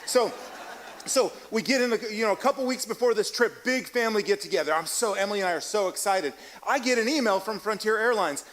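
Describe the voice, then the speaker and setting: A middle-aged man preaches to a church congregation in a loose, storytelling sermon. His voice sits high for a man, and he talks in a chatty, self-deprecating way, often restarting sentences and acting out both sides of a conversation. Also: expressive, fast, a bit bright, low-quality recording. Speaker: pastor. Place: church sanctuary.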